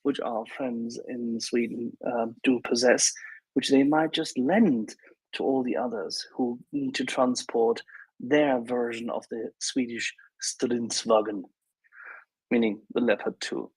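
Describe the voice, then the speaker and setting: A husky-voiced man talks in a casual online audio room. His tone is sarcastic and animated as he mocks red tape. The sound is dry and close. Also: mid-range voice, no room sound, rough recording. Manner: sarcastic, animated, laughs at bureaucracy.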